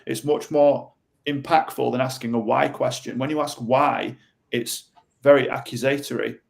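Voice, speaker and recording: A man talking as a podcast guest, giving animated advice and acting out quoted voices. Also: mid-range voice, moderate pace, vocal fry. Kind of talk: conversational advice.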